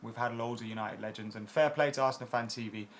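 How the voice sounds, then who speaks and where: A man's voice: medium pitch, quick pace, a little hiss or hum. A man in his late twenties hosting a football fan channel, casually answering viewer comments in a chatty, blunt way with lots of fillers and some swearing. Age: 20s.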